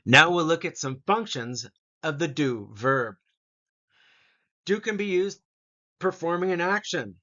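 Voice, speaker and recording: A man teaching an English grammar lesson, slowly reading out example sentences. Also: on the high side, lively intonation, pushed and bright, highs cut off. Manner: slow, deliberate, reads example sentences aloud.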